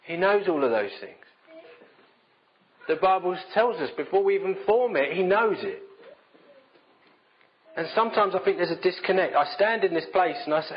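A man's voice: high-pitched, normal speed, long pauses, dull audio, slight background noise. A man preaching a sermon in a conversational, self-deprecating storytelling manner.

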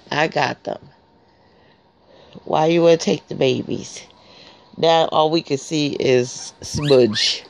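A woman's voice: a bass voice, gravelly, darkish tone, a little hiss or hum. A woman talking to newborn puppies in teasing baby talk during a casual vlog. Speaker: pet groomer showing newborn puppies. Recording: dull lo-fi recording.

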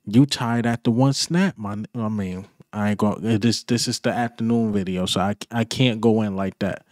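A man's voice: lowish voice, moderate pace, hardly any pauses, a little mellow, no echo, studio quality. A man vlogging a frustrated, emphatic sports reaction rant, repeating his points in casual slang.

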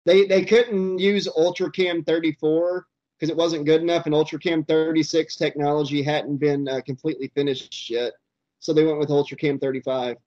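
A man's voice: a little high, level tone, normal speed, darkish tone. Playful guy cracking jokes over a movie, kinda muffled audio. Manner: jokey, playful. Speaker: co-host. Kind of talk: riffing movie commentary.

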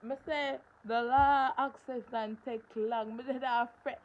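A young woman, talking in a higher voice and stressing her points by repeating them as she chats on a livestream. The sound comes through a phone, a little muffled, with faint background hiss. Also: expressive, normal speed, a little mellow. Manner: emphatic, repeats phrases for stress. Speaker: livestream host. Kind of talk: casual livestream storytelling.

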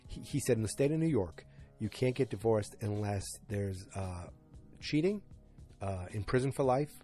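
A man's voice: fairly low pitch, expressive, moderate pace, warm tone, soft background music. A man hosting a podcast, recapping a TV episode in a casual, rambling and enthusiastic way. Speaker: podcast host.

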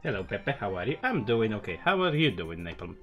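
A man's voice: lowish voice, sing-song, a little fast, a bit bright, soft background music. A man streaming a game live, chatting casually and rambling with lots of fillers and swearing. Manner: profane, rambling, with many fillers.

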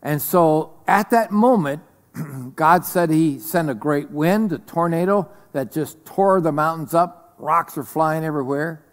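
A man preaching a sermon as pastor, slow and deliberate, swinging between loud declarations and soft whispers. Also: a little high, long reverb tail. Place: church sanctuary.

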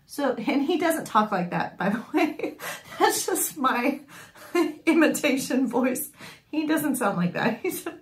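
Woman vlogger, wry storyteller, slow easy delivery, echoey room. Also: high-pitched. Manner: wry and animated, often laughing. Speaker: sewing vlogger. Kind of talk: casual storytelling to camera.

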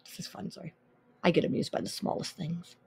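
A woman's voice: fairly quick, mellow. A woman music teacher talking casually through teaching tools on a podcast, thinking aloud with plenty of ums and easily amused.

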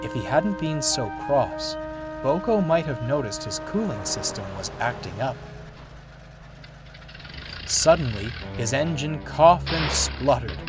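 Unhurried, expressive male storyteller. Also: medium pitch. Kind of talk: children's story narration. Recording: background music. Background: music.

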